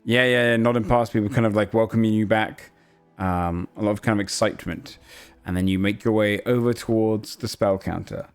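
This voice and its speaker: A man's voice: lowish voice, steady tone, brisk, smooth, faint music behind. A man running a tabletop game as game master, narrating casually with lots of fillers.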